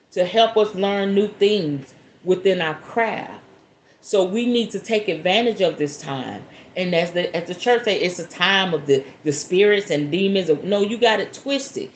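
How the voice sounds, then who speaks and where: A Southern woman with a slightly low voice hosts a casual spiritual chat, folksy and talkative. She calls listeners y'all and baby and slips easily into laughter. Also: a little hiss or hum. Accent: Southern American. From Southern United States. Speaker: spiritualist host. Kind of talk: casual live talk answering viewer questions.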